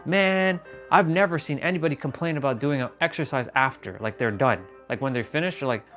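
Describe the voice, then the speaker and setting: A man hosting a fitness livestream, talking in a casual, animated, rambling way and swearing freely. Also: mid-range voice, fairly quick, soft background music. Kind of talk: casual motivational livestream talk.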